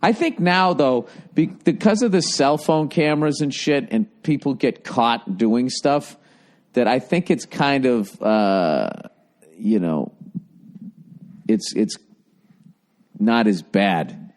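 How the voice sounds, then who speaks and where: A man's voice: medium pitch, slow. Profane, blunt man telling stories. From Boston. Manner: blunt, profane storytelling with animated quoted voices. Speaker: podcast host. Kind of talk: casual chat.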